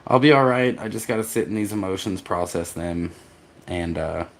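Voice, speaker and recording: A man from Texas, a vlogger, reading his chat aloud and answering in a rambling, halting way, tired from poor sleep. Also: deep voice, vocal fry. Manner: rambling, halting, with restarts and laughs. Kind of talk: casual live-stream chat.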